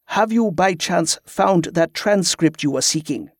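A man doing a calm, formal authority figure. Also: sits high, dry recording, studio quality. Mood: measured. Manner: measured and formal.

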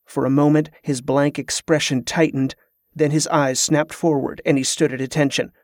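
A man narrating a fantasy novel in a steady, measured storytelling voice. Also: a little high, dry recording, clean studio sound.

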